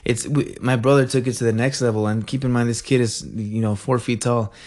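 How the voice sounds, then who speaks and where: Animated, rambling young man ranting. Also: mid-range voice, a little fast. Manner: animated, rambling, swears, laughs often. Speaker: vlogger. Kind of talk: casual storytime rant.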